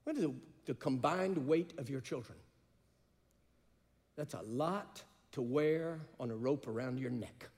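A man's voice: medium pitch, measured pace, a little mellow, big-room sound. A man preaching a sermon, telling stories and building to emphatic peaks. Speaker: pastor.

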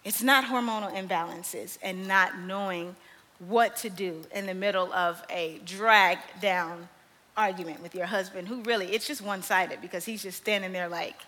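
A young woman preaching a sermon, telling stories with animated energy and frequent laughter. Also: mid-range voice, moderate pace. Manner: animated storytelling, laughs often. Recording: long reverb of a large hall.

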